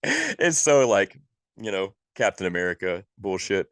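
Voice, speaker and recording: Male podcast co-host, very low voice, dry close sound, exasperated and profane ranting. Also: huge pitch swings, a little slow, fairly bright tone, no room sound. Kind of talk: casual movie review chat.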